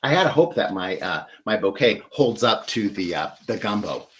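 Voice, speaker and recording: A man's voice: fairly low pitch, sing-song, moderate pace, a bit bright, a little hiss or hum. A man hosting a live flower-arranging demonstration, chatty and enthusiastic as he talks while working with his hands. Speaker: florist host.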